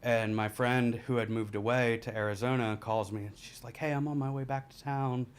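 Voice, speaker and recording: A man, a podcast guest telling a rambling, candid story and laughing through the dark parts. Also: medium pitch, fairly even intonation, fairly quick, clean tone. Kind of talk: casual storytelling.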